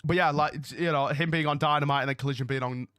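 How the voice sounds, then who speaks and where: A man's voice: a little high, steady tone, fast talker, a bit bright, clear, resonant tone, no room sound, studio quality. A man hosting a live wrestling watch-along from home, chatting casually with his viewers and often losing his train of thought. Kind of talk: casual live-stream chat. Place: home room.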